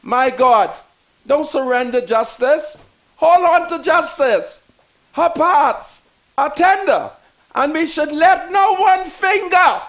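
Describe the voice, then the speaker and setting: A man with a Bahamian accent giving impassioned political commentary, preacher-like, repeating lines for emphasis and rising to shouts. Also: extremely high pitch, very animated, slow pace.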